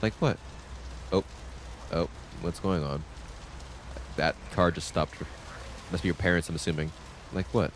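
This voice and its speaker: A man streaming a story game, casually reading the dialogue aloud and adding quick comments in his own voice. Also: low-pitched, a little hiss or hum. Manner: lively, reads game lines in his own voice with quick asides.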